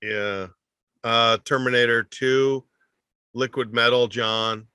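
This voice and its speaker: A man co-hosting a comedy podcast, asking questions and tossing in quick quips. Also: mid-range voice, fairly even intonation, bright, forceful tone, clear, resonant tone, no echo, studio quality. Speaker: podcast co-host. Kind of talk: casual comedy podcast chat.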